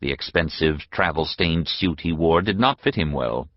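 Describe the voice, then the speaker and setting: A man reading an unabridged novel as an audiobook narrator, measured and expressive. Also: extremely low pitch, no echo, highs cut off. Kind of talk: scripted narration.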